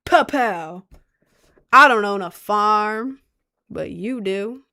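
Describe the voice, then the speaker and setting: Slow, rambling young woman vlogger. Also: medium pitch, pushed and bright. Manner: rambling and unsure, full of "like" and restarts. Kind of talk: casual rambling chat.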